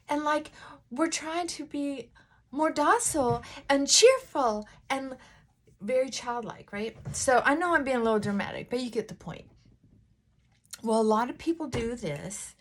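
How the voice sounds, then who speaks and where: A woman vlogger chatting casually while getting ready, talking things through in a thoughtful, unhurried way with frequent pauses and fillers. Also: on the high side, breathy edge. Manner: unhurried, reflective, thinking aloud.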